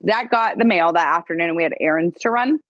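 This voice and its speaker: A woman co-hosting a podcast in casual chat, an animated storyteller who acts out what others said. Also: fairly low pitch, fast, no room sound, highs cut off. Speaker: podcast co-host.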